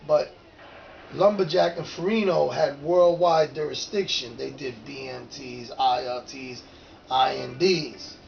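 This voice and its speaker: A man in his fifties, a former graffiti writer, telling an animated, profane story in casual street talk. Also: medium pitch, a little slow, lo-fi sound, faint music behind. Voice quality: gravelly.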